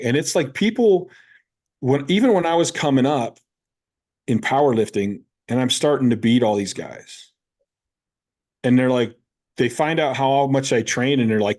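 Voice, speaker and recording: Animated storytelling man in his fifties. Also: mid-range voice, moderate pace. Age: 50s. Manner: animated storyteller who acts out both sides of conversations. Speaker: guest, powerlifting coach. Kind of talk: casual podcast conversation.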